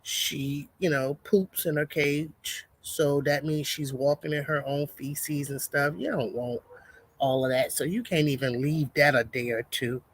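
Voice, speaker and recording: A woman chatting casually on a homestead livestream, greeting viewers and reading a product label aloud haltingly. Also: deep voice, steady tone, slightly rough.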